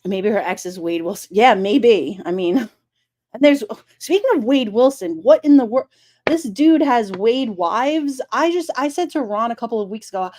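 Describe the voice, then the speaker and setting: A woman chatting casually on a live stream, animated and incredulous, often exclaiming. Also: on the high side, moderate pace. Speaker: streamer talking true crime.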